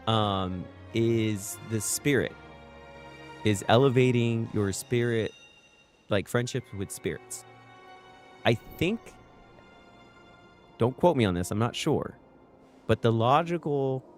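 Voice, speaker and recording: A young man streaming casually, rambling playfully and answering chat as he talks about a game. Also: fairly low pitch. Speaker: livestream guest streamer.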